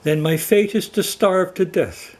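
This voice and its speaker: A high, whining male lion king from a cartoon folktale, weak with hunger and pleading for food, put on by a male storyteller. His voice sits well above the narrator's own. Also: measured pace, poor audio. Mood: weary. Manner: high, whiny and begging.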